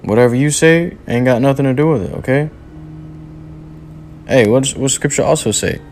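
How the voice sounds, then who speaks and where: A man preaching a sermon, reading scripture aloud and driving points home in forceful, repetitive, slangy talk. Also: mid-range voice, normal speed, slight background noise.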